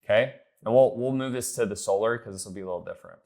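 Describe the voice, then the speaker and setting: A blunt young man coaching someone on sales in a loose, casual way. His voice sits fairly low, and he swears without a second thought. When he acts out chats and texts, he lifts his voice into a brighter, higher tone. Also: rapid-fire. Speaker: business coach.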